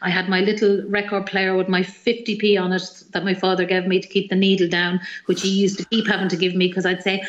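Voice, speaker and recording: A middle-aged woman with an Irish accent, a singer-songwriter telling animated, rambling stories as a guest in an interview. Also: lowish voice, fast talker, echoey room, lo-fi sound. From Ireland. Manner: rambling, animated anecdotes with many fillers. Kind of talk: radio interview storytelling.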